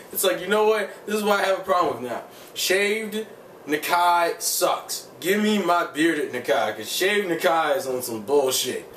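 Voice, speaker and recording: A man's voice: a little high, fairly bright tone, a little hiss or hum. Ranting man in a roomy, distant recording. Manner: rambling, profane, heated ranting full of "like". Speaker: anime reviewer vlogger. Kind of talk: casual spoken episode review. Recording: roomy sound from a distant mic, faint ambience.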